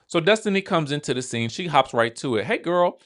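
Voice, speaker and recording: Lively chatty man recapping a reality show. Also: fairly high pitch, quick pace. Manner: chatty, talks straight to viewers, acts out cast members in quoted asides. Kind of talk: animated casual recap commentary.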